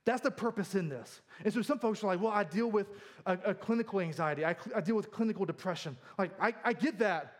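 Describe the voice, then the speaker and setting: A man with a fairly high voice delivers a sermon from the pulpit. He keeps it light and jokey, pokes fun at himself and laughs easily as he moves between stories and scripture. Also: fast, few pauses. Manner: jokey, self-deprecating, laughs often. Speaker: pastor. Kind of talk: humorous sermon.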